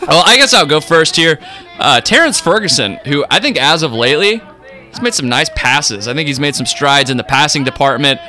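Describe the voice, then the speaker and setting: Bright-voiced man chatting about basketball. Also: fairly high pitch, brisk, faint music behind. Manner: relaxed, rambling with fillers. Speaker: sports podcast co-host. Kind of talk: casual sports chat.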